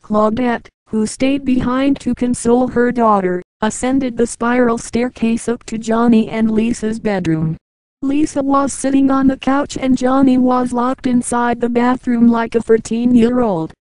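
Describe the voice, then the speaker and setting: A woman reading a novel aloud as an audiobook narrator, in a measured, even way, dropping lower for the men's lines. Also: no room sound, rough recording. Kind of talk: audiobook narration with light character voices.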